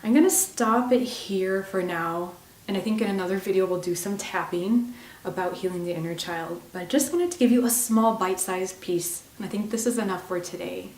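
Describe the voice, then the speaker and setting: A woman hosting a self-help video, talking warmly and encouragingly straight to the viewer. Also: mid-range voice, moderate pace, echoey room, recorded from a distance. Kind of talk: gentle spoken self-help talk.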